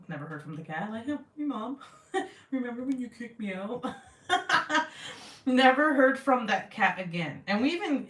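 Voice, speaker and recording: A woman's voice: fairly low pitch, a bit bright. Blunt, swearing woman chatting, roomy sound. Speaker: vlogger. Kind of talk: casual chat to camera. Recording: roomy, from a distance.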